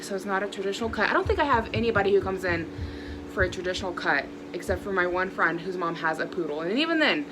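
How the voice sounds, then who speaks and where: A woman's voice: medium pitch, lively intonation, quick pace, noisy background. A young woman vlogging from her phone, venting in a frustrated, chatty way about her day. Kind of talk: casual vlog chat.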